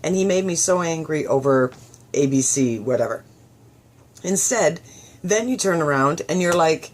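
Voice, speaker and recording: A woman's voice: deep voice, lively intonation, moderate pace. A middle-aged woman hosting a motivational radio show, chatty and upbeat, acting out the thoughts she quotes. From southwestern Ontario, Canada.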